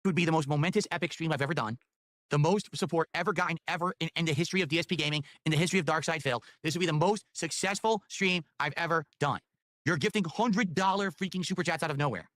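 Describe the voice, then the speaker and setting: A man's voice: a little high, quick pace, a bit bright, dry recording, studio quality. A man livestreaming, talking in a rambling, pleading, sentimental way. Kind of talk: casual livestream talk.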